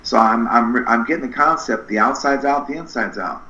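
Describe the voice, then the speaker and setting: A middle-aged man telling stories as a podcast guest in an energetic, animated way, acting out the dialogue in his anecdotes. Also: medium pitch, moderate pace. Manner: animated, acts out quoted dialogue with shifting voices. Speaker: podcast guest, spinal screener. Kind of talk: energetic storytelling interview. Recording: echoey room, slightly dull sound.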